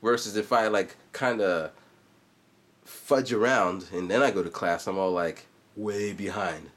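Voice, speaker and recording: His voice lowish and fairly bright, a vlogger and musician in his forties speaks a little slowly. The chat is casual and rambling, peppered with asides.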